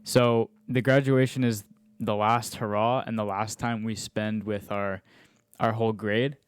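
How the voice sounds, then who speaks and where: A man's voice: lowish voice, flat delivery, measured pace, smooth, dry recording. Easygoing young man hosting a podcast. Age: young adult. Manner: easygoing, leads the questions. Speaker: podcast host. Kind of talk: casual chat.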